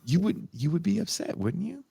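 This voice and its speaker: A man's voice: sits high, big pitch swings, brisk, creaky, warm tone, breathy edge, dry recording. A man with a Californian accent, co-hosting a casual podcast chat and ranting with profane mock outrage. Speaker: podcast co-host.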